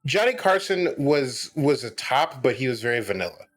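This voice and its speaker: A man's voice: mid-range voice, sing-song, moderate pace, soft background music. A man chatting casually as a podcast guest, rambling and restarting his sentences often. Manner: rambling, frequent restarts and filler words. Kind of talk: casual chat.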